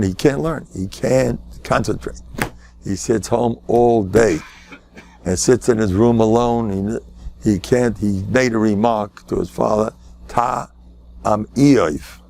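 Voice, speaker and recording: Older rabbi, animated storytelling lecture. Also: male voice, vocal fry. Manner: animated, jumps high in pitch for emphasis, joking asides.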